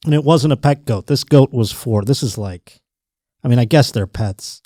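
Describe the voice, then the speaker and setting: A man's voice: mid-range voice, moderate pace, mellow, no echo, studio quality. A man hosting a podcast in casual chat, profane, joking and rambling. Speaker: podcast host.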